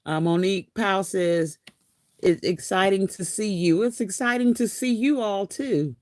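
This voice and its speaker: A woman's voice: medium pitch, moderate pace, darkish tone, no room sound. Live craft host, woman in her fifties, chatty and laughing, dry close-mic sound. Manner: chatty, laughs often, says y'all a lot. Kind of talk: casual live-stream chat reading comments.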